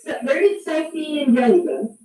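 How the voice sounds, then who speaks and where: A woman's voice: high-pitched, lively intonation, moderate pace, mellow. A woman joining a group call, chatting casually and teasing bluntly. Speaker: call participant. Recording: distant echoey call audio.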